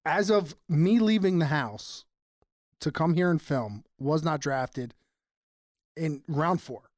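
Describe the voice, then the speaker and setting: A young man tells stories on a podcast with animated energy and frequent laughter. His voice sits fairly high for a man. The sound is dry and close. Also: slow, no room sound. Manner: animated storyteller, laughs often, says "dude". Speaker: podcast co-host. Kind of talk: casual chat.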